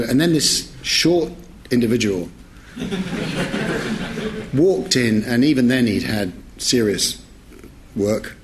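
A man's voice: mid-range voice, animated, slow, pauses often. A middle-aged man spins a humorous anecdote in an ordinary, mid-range voice, chatty and prone to correcting himself mid-sentence. He laughs easily as he talks, and a faint hiss of noise sits under the recording. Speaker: journalist. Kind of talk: humorous anecdote told to listeners.

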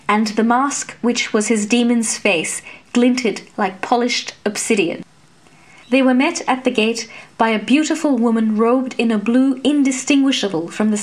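A woman reading a fantasy story aloud as narrator, in a measured, even storytelling manner. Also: on the high side, low-quality recording. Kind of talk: scripted narration.

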